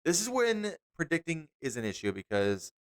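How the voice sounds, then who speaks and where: A man's voice: on the high side, wildly swooping pitch, moderate pace, clear, resonant tone. A man co-hosting a casual fantasy football podcast late at night, sounding tired and yawning now and then. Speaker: podcast co-host.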